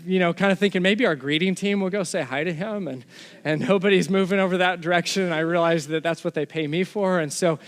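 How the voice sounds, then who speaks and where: A man's voice: fairly high pitch, in a large hall. A man from Texas, a pastor giving a sermon in a conversational storytelling way, often restarting his phrases.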